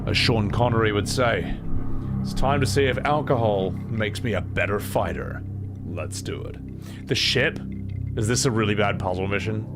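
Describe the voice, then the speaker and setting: A man's voice: on the low side, moderate pace, over loud music. A young adult man, chatting casually to his stream audience and cooing at his cat. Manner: affectionate baby talk to his cat. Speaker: game streamer.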